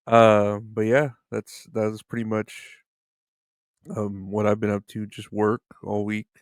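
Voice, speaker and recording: A man's voice: lowish voice, creaky, a little mellow, dry recording, studio quality. A man hosting his podcast in a rambling, laid-back chat, swearing and chuckling as he goes. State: tired, yawning. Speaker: podcast host. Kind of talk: casual comedic chat.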